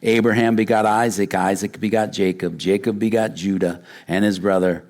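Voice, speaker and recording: A man preaching a verse-by-verse Bible sermon, reading scripture aloud and acting out the dialogue of the story with lively energy. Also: lowish voice, normal speed. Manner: animated retelling, acts out dialogue. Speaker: pastor.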